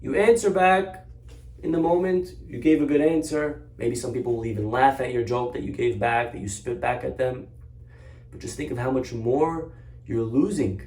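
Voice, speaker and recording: A man's voice: medium pitch, fairly even intonation, moderate pace, darkish tone. A man, a rabbi, teaching a Torah class through an earnest story. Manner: earnest, story-driven, exhorting. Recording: roomy echo, far from mic.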